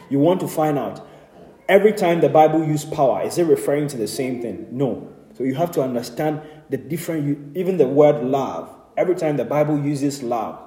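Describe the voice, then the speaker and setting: A man's voice: medium pitch, warm tone, echoey room, poor audio. A man, a pastor, teaching a Bible study, earnest and direct, with frequent amens and light laughs.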